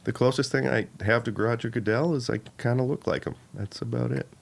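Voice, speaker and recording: A man's voice: medium pitch, brisk, vocal fry, background noise. A man hosting a podcast in easygoing, casual chat. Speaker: podcast host.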